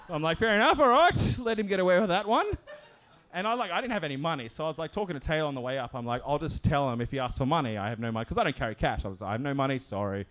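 A man telling a comic story at a live show, animated and often laughing as he acts out other voices. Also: medium pitch, racing.

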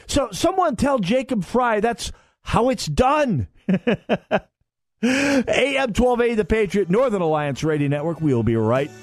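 A man's voice: extremely high pitch, sing-song, measured pace, no echo. A man hosting a talk radio show, delivering a sardonic opinion monologue with frequent uhs and sighs into a studio microphone.

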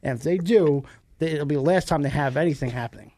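A man's voice: fairly high pitch, quick pace, a little mellow. A man co-hosting a casual podcast chat, ranting indignantly about everyday annoyances. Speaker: co-host.

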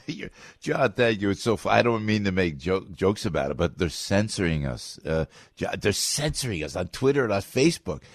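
A talk radio host with a New Jersey accent speaks in a low, gravelly voice. He is excitable and emphatic and stumbles over his words, and his studio mic sounds close and dry. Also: normal speed, no room sound.

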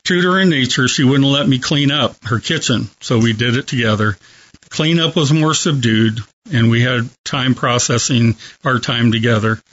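A man speaks as a hospice chaplain, telling stories with a gentle, measured earnestness. His voice sits at a mid pitch, and the broadcast audio is dull and lo-fi. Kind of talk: storytelling in a talk show interview.

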